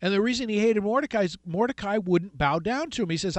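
A male radio talk host tells a story with animated, high-pitched delivery that swings widely up and down. He voices each character himself as he goes. The sound is dry and close, with no room around it. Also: fast talker, hardly any pauses, no echo. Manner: acts out quoted characters in lively voices. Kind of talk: animated storytelling on a call-in show.

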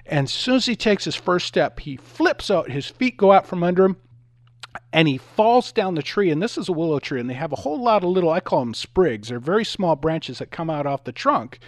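Animated male talk radio host. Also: a little high, brisk, no room sound, clean studio sound. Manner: animated, acts out voices in anecdotes. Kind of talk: talk radio monologue with storytelling.

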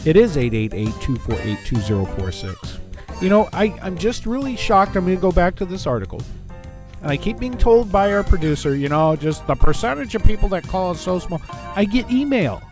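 A man's voice: high-pitched, sing-song, fairly quick, darkish tone, soft background music. A man from Southern California hosting a talk radio show, rambling in a casual monologue and often breaking off his own sentences. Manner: rambling, self-interrupting, jokey. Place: radio studio.

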